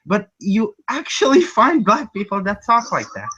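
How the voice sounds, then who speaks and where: A man talking as a guest in a casual online group chat, quick and stammering, with sarcastic quips. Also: sits high, big pitch swings, sharp tone, breathy edge. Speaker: guest panelist. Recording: muffled lo-fi video-call audio.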